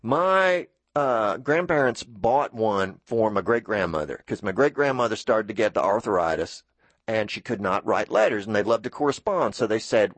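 A man's voice: on the low side, expressive, normal speed, no echo. Middle-aged man rambling on dry radio. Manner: storytelling, puts on quoted voices. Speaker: radio host. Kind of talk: rambling monologue.

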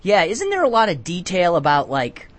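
Rambling deadpan radio host, man. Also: high-pitched. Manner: halting, many restarts. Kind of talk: comic call-in radio chat.

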